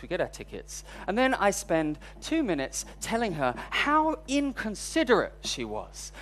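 A man's voice: high-pitched, a bit bright. A man preaching a sermon, telling a personal story in a candid, self-deprecating way. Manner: storytelling, voice rising when recounting frustration.

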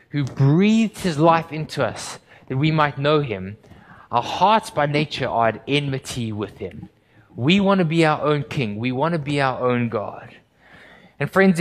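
A man preaching a sermon, retelling a story with vivid drama and dropping low and slow for the quiet, solemn passages. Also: long reverb tail. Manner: dramatic storytelling, acting out crowd and Pilate in a raised voice.

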